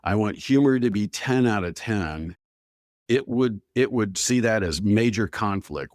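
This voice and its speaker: A man being interviewed as an expert guest, telling stories in an animated way and acting out the dialogue he quotes. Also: on the low side, measured pace, no echo, clean studio sound. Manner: animated storyteller who acts out quoted dialogue, with filler "blah, blah". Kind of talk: conversational podcast interview.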